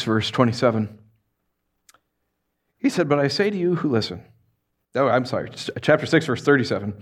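A man preaching a sermon to a live congregation, telling stories in a playful way and asking his listeners questions. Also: medium pitch. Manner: animated, playful storytelling with audience questions. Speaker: pastor.

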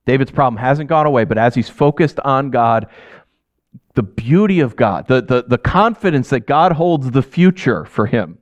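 A man in his thirties preaching a sermon to his congregation, talking in a relaxed, animated way with frequent "right?" asides. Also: mid-range voice, normal speed, no room sound. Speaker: pastor.

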